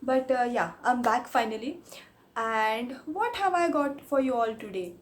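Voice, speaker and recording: A woman's voice: a little high, animated, measured pace. A woman, a Marathi speaker, chatting casually on her vlog and reading tongue twisters aloud. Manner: chatty, giggly, switches between English and Hindi. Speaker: YouTuber.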